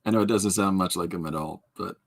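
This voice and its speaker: A man's voice: low-pitched, fast, vocal fry. A man hosting a podcast livestream, chatting casually while he draws, greeting viewers by name and reading their comments aloud, and laughing at his own jokes. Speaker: podcast host.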